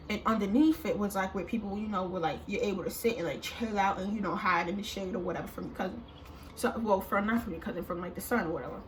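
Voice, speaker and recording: A woman vlogger telling a casual storytime in an animated, slangy, rambling way, full of fillers. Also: mid-range voice, a little hiss or hum. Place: indoors, standing.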